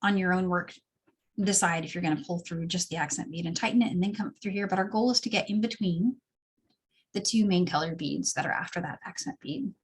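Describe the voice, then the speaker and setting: A woman's voice: fairly low pitch, a little fast, slight background noise. A woman teaching a beadweaving class, talking through each step casually as she works. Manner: relaxed, chatty, explains as she works. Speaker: craft instructor. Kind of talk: step-by-step craft tutorial.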